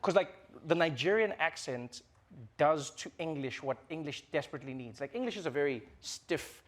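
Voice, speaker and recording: A man's voice: on the high side, expressive, normal speed. Man chatting in a Q&A. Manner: chatty, thinking aloud, playful. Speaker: comedian answering audience questions. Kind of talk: casual Q&A.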